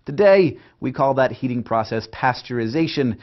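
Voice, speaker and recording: A man hosting a science lesson, delivering scripted narration in an energetic, playful, emphatic way. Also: mid-range voice, normal speed, highs cut off. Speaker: science educator host.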